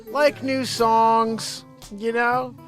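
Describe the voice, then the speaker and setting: A man hosting a live comedy show, telling a rambling story in an animated way and chatting with viewers. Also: extremely high pitch, drawn-out words, faint music behind. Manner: rambling, animated, talks to unseen chat viewers. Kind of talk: comic storytelling monologue.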